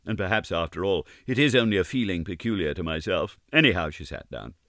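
A man narrating a novel in first person, low-voiced and earnest. His reading is measured yet lively, with wide swings of pitch. The sound is close and dry. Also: no echo. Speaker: audiobook narrator.

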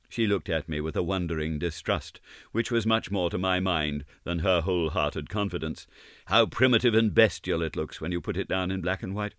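A man reading a novel aloud in first person, earnest and measured in his delivery. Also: sits low, a bit bright, dry recording, clean studio sound. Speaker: audiobook narrator.

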